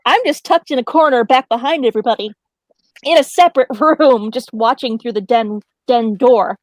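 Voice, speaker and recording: A woman casually telling a paranormal story to friends, animated and laughing often as she talks. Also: on the high side, normal speed, dry recording, poor audio. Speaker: paranormal storyteller on a group call.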